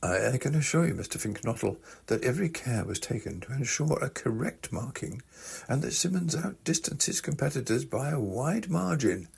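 A man's voice: medium pitch, sing-song, moderate pace, vocal fry, breathy edge, exaggerated voice. A man doing a flustered, stammering school official. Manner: stammering, anxious, formal.

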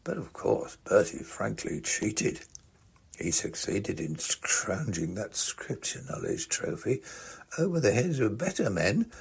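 A man voicing a drunk, pompous young upper-class gentleman who slurs and blusters at a schoolboy in a comic reading. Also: on the low side, very animated, slow, gravelly, slightly rough, exaggerated voice. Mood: ranting. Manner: slurring, blustering, belligerent.

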